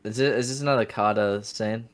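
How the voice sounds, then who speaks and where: A man's voice: on the low side, fairly even intonation, fairly quick. A young man co-hosting a casual podcast chat, chiming in with short questions. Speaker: podcast co-host.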